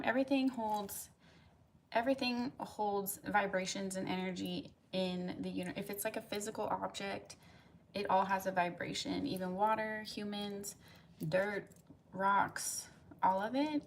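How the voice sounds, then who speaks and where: A woman's voice: mid-range voice, unhurried, a little hiss or hum. A woman reading tarot live for viewers. She chats casually, rambles, and fills her talk with "like" and "um" as she answers comments. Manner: chatty and rambling, heavy use of "like" and "um"; reads viewers' comments aloud and answers them. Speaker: tarot reader on a live stream.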